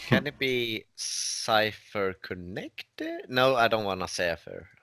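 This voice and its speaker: A man's voice: fairly low pitch, huge pitch swings, sharp tone, no room sound. A man playing a tabletop game, joking around and asking questions about the rules. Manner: joking, asks rapid rule questions. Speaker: player. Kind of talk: casual tabletop game chat.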